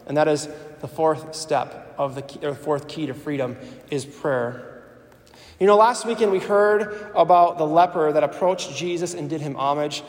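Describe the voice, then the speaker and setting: A man preaching a sermon in a church, earnest and conversational, repeating phrases for emphasis. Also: on the high side. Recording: echoey church with long reverb.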